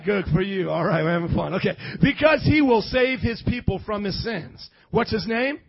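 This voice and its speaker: A man preaching a sermon, calling on the congregation to answer him and building up to shouts. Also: high voice, animated, normal speed, vocal fry, hardly any pauses, slightly rough, highs cut off, a faint crowd. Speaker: pastor.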